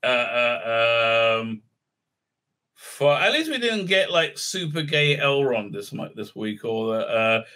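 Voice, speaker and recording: A man's voice: medium pitch, big pitch swings, slow pace, sharp tone. A man giving a sarcastic, profane solo review rant, rambling with lots of fillers and restarts. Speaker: video reviewer.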